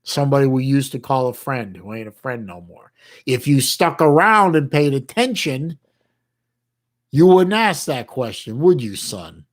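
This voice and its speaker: A middle-aged man from the United States hosting a livestream, chatting casually with his chat in a halting way with many restarts and folksy slang. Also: medium pitch, lively intonation. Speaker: livestream host reading chat.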